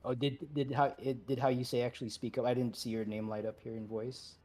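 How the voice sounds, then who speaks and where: A man's voice: medium pitch, level tone, a little fast. A man leading a game raid over voice chat, giving easygoing, chatty instructions with apologetic asides. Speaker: raid leader.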